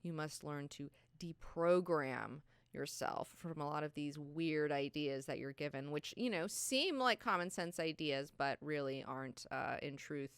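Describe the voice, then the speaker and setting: Crisp-voiced woman hosting a book club. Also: deep voice, measured pace, dry recording. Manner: animated, swears freely, acts out scenes. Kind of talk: casual chat.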